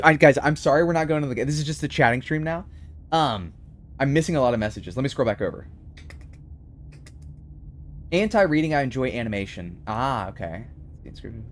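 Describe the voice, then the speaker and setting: This is casual live-stream chat: a man with a mid-range voice games while answering his viewers' messages, chatty and animated. Slight background noise is audible.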